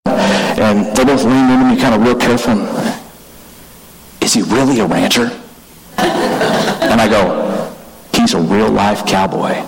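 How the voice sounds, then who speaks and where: Pastor telling a folksy story. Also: male voice, high voice, poor audio. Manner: folksy anecdotal storytelling with frequent restarts. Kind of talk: storytelling sermon.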